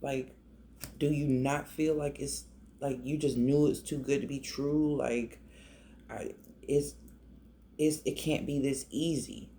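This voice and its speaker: A man with a gravelly, mellow voice gives a tarot reading in a loose, emotional, conversational way, often restarting his sentences. A faint hiss of background noise sits under his voice. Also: mid-range voice, steady tone, slow pace, pauses often. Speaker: tarot reader. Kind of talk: casual tarot reading to camera.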